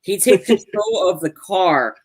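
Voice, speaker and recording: A man's voice: high-pitched, animated, a little slow, breathy edge. A man co-hosting a movie review podcast, retelling scenes in a rambling way with lots of fillers. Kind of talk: casual chat.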